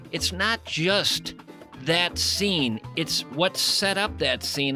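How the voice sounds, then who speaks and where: A man's voice: high voice, creaky, bright, forceful tone. A man hosting a radio talk show, musing thoughtfully in long, winding sentences as he interviews a guest. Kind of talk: conversational interview.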